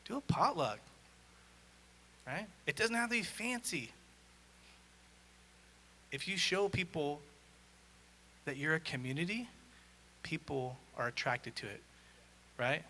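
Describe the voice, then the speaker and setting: A man giving a conference talk on stage, an energetic storyteller who acts out dialogue. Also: a little high, takes it slowly, long pauses, slight background noise. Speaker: conference speaker. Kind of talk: live presentation talk. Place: on stage in a large hall. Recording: echoey hall.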